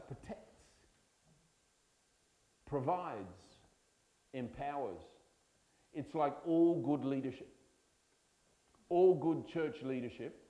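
A man's voice: medium pitch, warm tone, rough recording. Emphatic male preacher. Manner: emphatic, drawn-out key words. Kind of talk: sermon.

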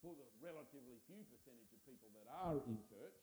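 Male preacher, warm slightly raised voice, emphatic chatty sermon, reverberant hall. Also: mid-range voice, animated, quick pace, slight background noise. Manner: conversational, emphatic, asks the congregation to respond. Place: church.

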